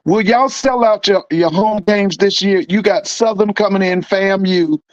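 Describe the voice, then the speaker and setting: High-voiced man on a dull, dry line. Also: unhurried, no echo. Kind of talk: casual sports talk.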